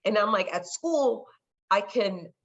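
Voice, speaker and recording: A woman's voice: medium pitch, lively intonation, slow, fairly bright tone. A chatty woman from California tells her stories in a casual interview, slipping into other people's voices as she goes. Her voice sits in a middle range. The recording sounds a little dull and lo-fi. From California, United States. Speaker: podcast guest, sports marketer. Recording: slightly dull lo-fi audio.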